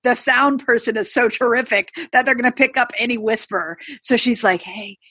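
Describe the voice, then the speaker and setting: A woman's voice: fairly high pitch, fairly even intonation, a little fast, bright, forceful tone, breathy edge, no room sound. A woman guest on a podcast, chatting casually and rambling with many fillers and restarts. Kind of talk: casual chat.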